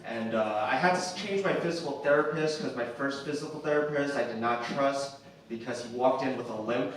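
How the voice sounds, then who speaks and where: On a theatre stage to audience laughter, a young comedian delivers a casual set full of fillers, especially "like," and acts out quoted voices. He speaks at a medium pitch and a brisk pace; the recording is distant and echoey, with faint noise.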